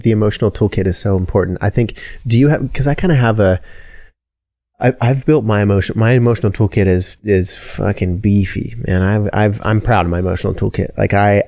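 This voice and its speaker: A man's voice: deep voice, mellow, dry recording, clean studio sound. A man hosting a casual podcast conversation, rambling with many restarts and swearing, acting out little pep-talk voices. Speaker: podcast host.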